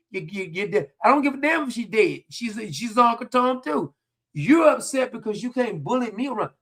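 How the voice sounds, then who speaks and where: High-voiced man ranting combatively. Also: a bit bright. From New York, USA. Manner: combative, repetitive, taunting, profane. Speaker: online commentator. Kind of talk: heated commentary rant to camera.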